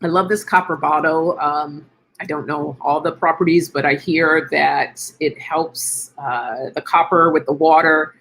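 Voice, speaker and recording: A woman's voice: deep voice, steady tone, a little slow, a bit bright. A middle-aged woman hosting a casual wellness chat stream, chatty and encouraging, thinking aloud as she answers viewers. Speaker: live stream host.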